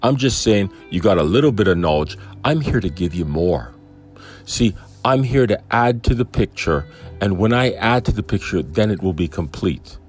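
A man's voice: lowish voice, lively intonation, normal speed, darkish tone, soft background music, close to an everyday voice. A man voicing a sly male serpent tempter who coaxes and insinuates in a raised voice. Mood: insinuating. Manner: coaxing, insinuating, smooth-talking.

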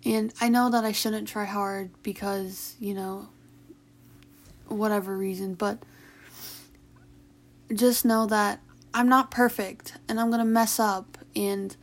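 Sleepy young woman, slow confessional podcast. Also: medium pitch. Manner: soft, tired and halting, yawning and sighing, with whispered stretches. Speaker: podcast host. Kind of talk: late-night confessional podcast monologue.

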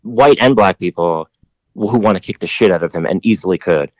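A man's voice: low-pitched, a little fast, a little mellow, dry recording. A man telling a long rambling story in casual podcast chat, full of "like" and casual swearing.

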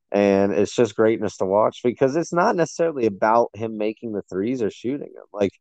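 Male podcast co-host, low-pitched, excitable and rambling, dry lo-fi recording. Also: no echo. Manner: enthusiastic, rambling with many fillers. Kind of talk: casual sports chat.

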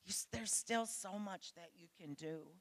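A woman's voice: lowish voice, moderate pace, dry recording. A middle-aged woman preaching a sermon to women, earnest and pleading as she speaks straight to her listeners.

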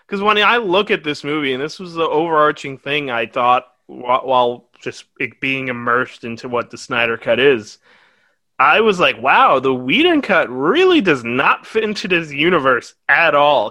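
A man co-hosting a casual film review podcast, animated and rambling, swearing often. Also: on the high side, dry recording. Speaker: podcast co-host.

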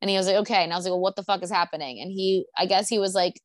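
A young woman chats casually from her apartment, rambling through a story full of filler words and swearing. Her voice sits at a middle pitch, and the sound is close and dry with no room echo. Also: steady tone, very fast. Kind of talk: casual chat.

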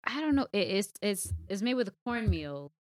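A woman's voice: mid-range voice, sing-song, normal speed. A woman chatting casually on a podcast, hesitant and full of fillers. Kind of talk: casual chat.

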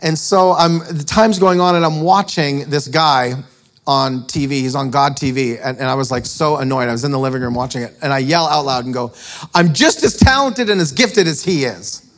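A man's voice: mid-range voice, steady tone, brisk. A man preaching a storytelling sermon, chatty and self-mocking, often laughing at his own story. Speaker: preacher and author.

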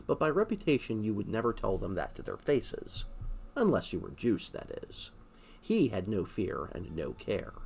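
A man narrating an audiobook in a steady storytelling manner. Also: fairly low pitch, vocal fry, breathy edge.

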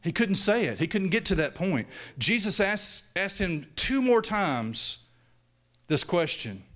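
Man, preacher, sermon, dramatic rises and hushed drops, lively pitch. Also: a little slow. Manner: dramatic, swinging from loud raised peaks to hushed low lines.

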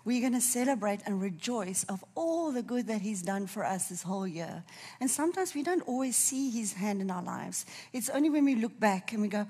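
A woman's voice: medium pitch, lively intonation, moderate pace, a little mellow, breathy edge. Emphatic woman preacher with a runny nose. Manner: emphatic, repeats key phrases. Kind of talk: sermon.

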